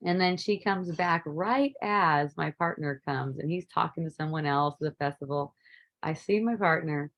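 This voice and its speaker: Woman telling a story casually, lowish voice. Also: normal speed, lo-fi sound. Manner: laughs often, relaxed and rambling. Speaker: spiritual teacher.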